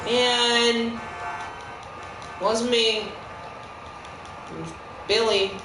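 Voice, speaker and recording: A game streamer giving rambling, playful live-stream commentary with sudden squeaky outbursts. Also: fairly even intonation, extremely slow. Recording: echoey room with background noise.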